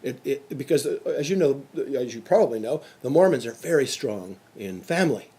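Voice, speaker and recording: A man's voice: medium pitch, lively intonation, brisk, warm tone, husky. A middle-aged man giving a motivational sales lecture, emphatic and repeating his key phrases. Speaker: sales trainer.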